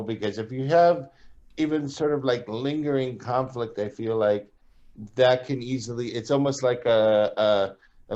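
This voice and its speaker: A man's voice: medium pitch, dark tone. An easygoing podcast co-host who muses aloud in long, loose sentences. His voice sits mid-range, and the recording sounds a little dull. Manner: reflective, easygoing, rambling. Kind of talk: casual chat.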